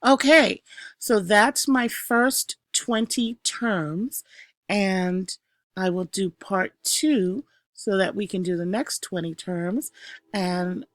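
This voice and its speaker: Slow, clear woman teacher's review. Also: medium pitch, no room sound, studio quality. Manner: slow, explanatory, punches each new term. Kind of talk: recorded classroom lesson.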